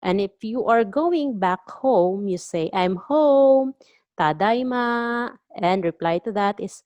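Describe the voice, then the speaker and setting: A woman with a Filipino accent teaching a language lesson, saying each phrase slowly and repeating it for practice. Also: medium pitch, lively intonation, darkish tone, dry recording, muffled recording.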